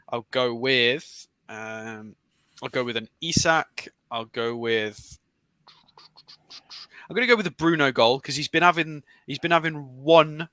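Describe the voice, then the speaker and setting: A man on a football podcast who talks through his predictions hesitantly, leaning on fillers as he thinks. His voice has a bright, forceful edge, and the recording is close and dry with no room sound. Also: medium pitch, no room sound, poor audio. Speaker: podcast panelist. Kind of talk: casual chat.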